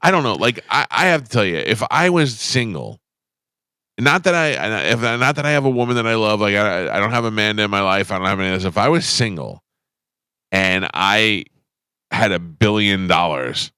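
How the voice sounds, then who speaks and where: A man's voice: fairly low pitch, expressive, normal speed, bright, forceful tone, smooth, no room sound. A man hosting a morning radio show, blunt and crude, joking with his co-hosts in the studio. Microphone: studio microphone.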